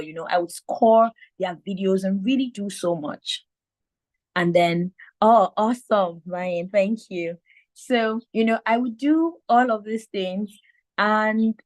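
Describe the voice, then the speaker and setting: A woman in her thirties from Nigeria with a Nigerian accent and a slight lisp, telling her story as a mentor in a live video call. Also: medium pitch. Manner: animated storyteller acting out quotes. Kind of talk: live online mentoring talk.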